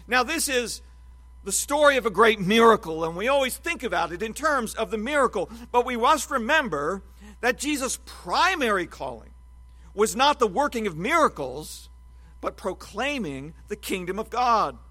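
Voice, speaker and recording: A man with a high, forceful voice delivers an expository Bible sermon. He teaches in a measured, emphatic way, leaning hard on key words. His tone stays bright and clear throughout. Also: big pitch swings. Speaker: preacher.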